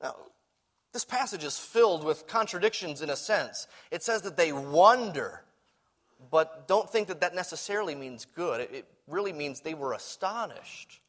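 A man preaching a sermon, animated, swinging from loud emphasis to quiet asides and sometimes repeating words as he restarts. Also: a little high, normal speed.

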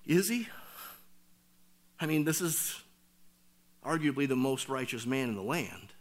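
A man preaching a sermon, swinging from loud emphatic lines down to hushed near-whispers. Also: mid-range voice. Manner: deliberate, with slowed emphatic phrases. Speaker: pastor.

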